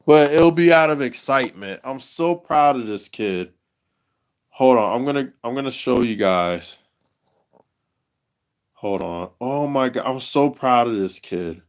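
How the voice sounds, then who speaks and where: Slow-talking emotional man on a livestream. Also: medium pitch, clear, resonant tone. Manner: halting, repeats himself, emotional. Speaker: livestream host.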